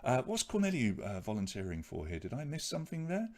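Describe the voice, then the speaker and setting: A man's voice: medium pitch, huge pitch swings, fast, darkish tone. A man hosting an online pub quiz from his home office, chatting casually and rambling with many restarts. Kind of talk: casual live-stream chat.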